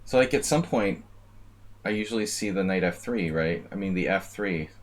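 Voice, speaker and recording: A man's voice: low-pitched, normal speed. A man live-streaming blitz chess, chatting casually with viewers and rambling jokingly between moves. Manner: rambling, joking, talks to chat.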